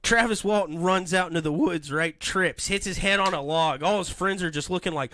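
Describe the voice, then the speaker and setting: A man hosting a podcast, telling stories in an animated, rambling way in a casual comedic chat. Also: sits high, fairly quick, hardly any pauses, no room sound. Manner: animated, rambling storytelling with voices. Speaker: podcast host.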